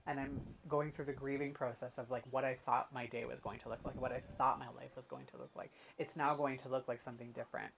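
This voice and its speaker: Low-voiced woman telling animated stories. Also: fast, gravelly, hardly any pauses, a little hiss or hum. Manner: animated storytelling, acts out quotes. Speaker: human design guide. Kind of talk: casual chat.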